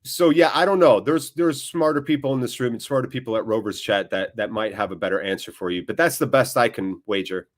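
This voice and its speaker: Excitable joking man hosting a watchalong. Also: medium pitch, brisk, hardly any pauses. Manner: chatty, joking, excitable, reads out viewer comments. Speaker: watchalong host. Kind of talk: casual live football watchalong chat.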